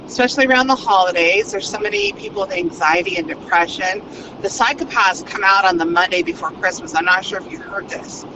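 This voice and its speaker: Crude motor-mouthed woman driving. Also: medium pitch. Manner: fast, crude and unfiltered. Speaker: vlogger. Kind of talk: rambling monologue while driving. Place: inside a car in traffic. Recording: dull lo-fi car recording with road noise. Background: traffic noise.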